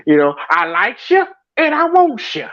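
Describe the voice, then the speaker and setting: A man's voice: sits high, wildly swooping pitch, moderate pace, a bit bright, voice pushed up, full character voice. Man doing menacing male prison inmate, leering drawl, raised voice, dull lo-fi sound.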